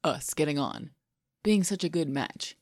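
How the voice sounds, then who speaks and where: Woman doing a soft teasing guy in a fanfic audiobook, dry close mic. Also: low voice, measured pace, dry recording. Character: teasing, fond adult man, a sly charmer. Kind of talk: podfic reading of fan fiction.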